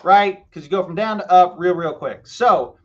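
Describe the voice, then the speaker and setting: A man hosting a live real estate show, talking a seller through a deal and then coaching viewers in an energetic, explanatory way. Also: sits high, normal speed, muffled recording. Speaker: real estate investor host. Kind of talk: live stream phone call and coaching.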